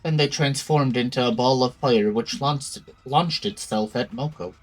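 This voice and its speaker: A man reads visual novel narration and dialogue aloud at a mid pitch, breaking off with startled questions as the story turns. Soft game music plays behind him. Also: a little slow, rough recording. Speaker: streamer.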